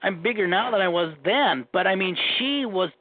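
Over a tinny, dry phone line, a guest with a Minnesota accent rambles through long dating stories, often restarting and repeating himself in casual conversation. He speaks at a normal speed in a high-sitting voice with lively intonation.

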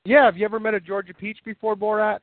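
Male radio host, teasing banter, high pitched, thin phone-like sound. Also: little pitch movement, fast, no echo. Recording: tinny band-limited sound, dry.

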